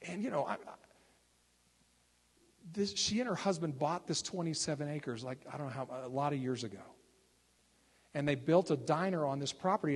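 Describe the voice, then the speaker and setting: A minister sharing testimony stories in a relaxed, conversational way, acting out the people he quotes. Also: fairly high pitch, long reverb tail. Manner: conversational, acts out quoted speakers. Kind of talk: sermon testimony storytelling.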